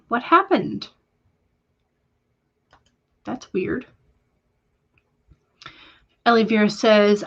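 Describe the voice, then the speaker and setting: A woman's voice: on the high side, lo-fi sound. Woman host reading out stream chat. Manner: reads viewer comments aloud and responds warmly; hesitant, with frequent fillers. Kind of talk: casual livestream chat.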